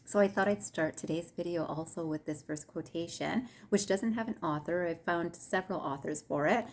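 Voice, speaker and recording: A woman hosting her own wellness channel, telling a parable to her viewers in a gentle, measured way. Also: lowish voice. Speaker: host of a mindfulness and grief channel. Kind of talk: storytelling talk to camera.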